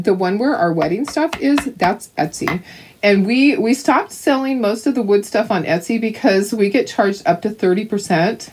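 A woman's voice: medium pitch, a little mellow, slight background noise. Chatty older woman painting crafts. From Canada. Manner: chatty, laughs often, talks to viewers. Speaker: craft livestream host. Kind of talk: casual chat while painting crafts.

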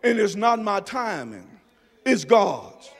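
High-voiced man preaching with big swings. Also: big pitch swings, slow, creaky, in a large hall. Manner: swings from soft low murmurs to shouted emphasis. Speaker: pastor. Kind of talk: preaching a sermon. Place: church sanctuary.

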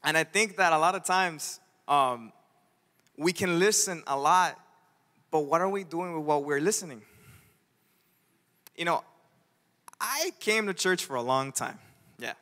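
A man preaching a sermon as a pastor, animated, acting out the voices of the figures in his story. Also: fairly high pitch, a little slow, pauses often. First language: Spanish. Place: church sanctuary. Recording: church hall with long reverb.

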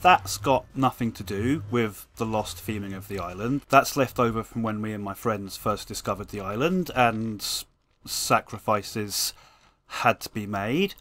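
A man's voice: lowish voice, normal speed, few pauses, a bit bright. A man giving a comedic, scripted tour of a video game build, playful and wry with self-mocking asides.

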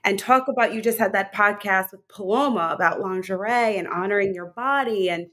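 A woman's voice: mid-range voice, brisk, pushed and bright. A woman health coach as an interview guest, talking enthusiastically and rambling with many fillers. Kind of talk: conversational interview.

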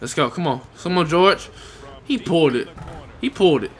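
A young man giving live commentary over his own basketball video game, reacting loudly to each play and talking to the players and his viewers. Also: on the high side, lively intonation, normal speed. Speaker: gaming YouTuber.

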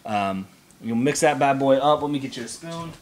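A man's voice: medium pitch, lively intonation, normal speed, noisy background. A man hosting a casual cooking show in a home kitchen, chatty and jokey as he gives step-by-step instructions.

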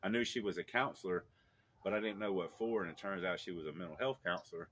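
A man's voice: low voice, fast, fairly bright tone, slight background noise. A middle-aged man casually telling a personal story outdoors in a yard, rambling with many fillers and restarts.

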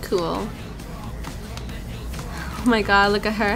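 A young woman giving casual commentary over a life-sim game, chatty and easily excited, talking to the characters on screen. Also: fairly high pitch, a little slow, soft background music. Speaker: let's play commentator.

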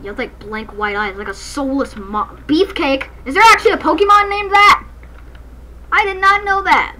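Late at night in a dark room, a female gaming host jokes and gets excited through her let's-play, occasionally singing snatches of songs. She speaks in a high voice at a moderate pace on a rough recording with slight background noise.

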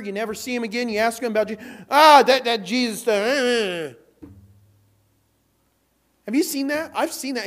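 Preaching from the pulpit, this man speaks in a high register. He's animated, dramatizing the quotes he uses and circling back to repeat words.

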